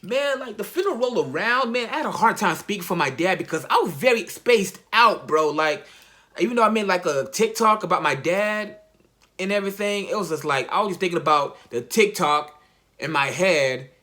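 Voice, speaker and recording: Young man, college athlete, personal storytelling, casual slang, halting, tense bright tone. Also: high voice, expressive. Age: young adult.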